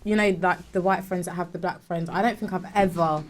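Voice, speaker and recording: A woman chats easily as a podcast co-host. Her talk is loose and relaxed, with filler likes all through it. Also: on the low side, fairly quick. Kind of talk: casual chat.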